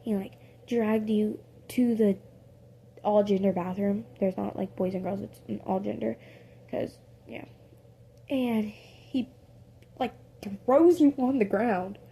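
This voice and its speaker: A woman telling an improvised story in a casual, rambling way. She fills it with fillers, corrects herself mid-sentence and drops into soft whispered asides. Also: medium pitch, steady tone, slow pace, creaky, long pauses, husky.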